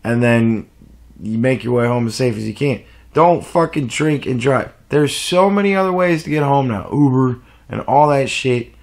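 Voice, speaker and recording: A man's voice: mid-range voice, moderate pace, darkish tone. A man telling a rambling, profane story in a casual vlog rant. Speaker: vlogger.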